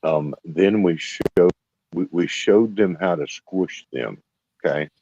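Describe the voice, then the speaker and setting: A man's voice: low voice, takes it slowly, noisy background. A man rambling laid-back in casual chat over muffled call audio.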